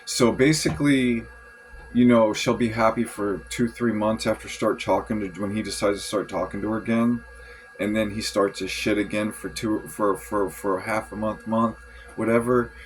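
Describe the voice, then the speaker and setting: Frustrated low-voiced man venting. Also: fairly even intonation, moderate pace, a little hiss or hum, poor audio. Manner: frustrated, rambling, swearing, many restarts. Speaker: vlogger. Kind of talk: venting journal monologue.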